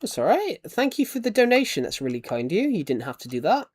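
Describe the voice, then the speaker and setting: In a casual live-stream chat, a young Brit playing a game thanks his viewers and donors, chatty and given to trailing off into restarts. He speaks quickly in a high voice with big pitch swings.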